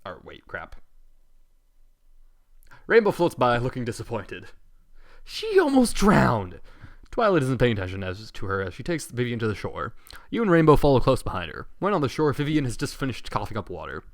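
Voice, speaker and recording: A man's voice: mid-range voice, sing-song, a little fast, dry recording, studio quality. A man reading a fan story aloud, breaking off for amused, muttered asides. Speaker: fanfiction reader.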